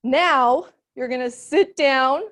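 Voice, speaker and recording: A woman's voice: high voice, slow, fairly bright tone. A young adult woman leading a kids yoga class, giving playful, encouraging sing-song cues.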